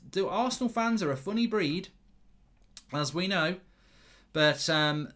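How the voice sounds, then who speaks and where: A man's voice: on the high side, a bit bright. A man hosting a live football watchalong, chatty and teasing, reading out viewer comments with lots of stammered restarts.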